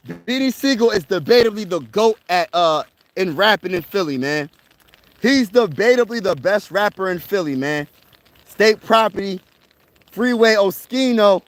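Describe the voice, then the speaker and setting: Young man, high voice, excitable, slangy, repeats himself, casual livestream, outdoors in the snow. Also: no echo. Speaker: sports vlogger covering his city's teams. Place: outdoors on a snowy wilderness trail, walking.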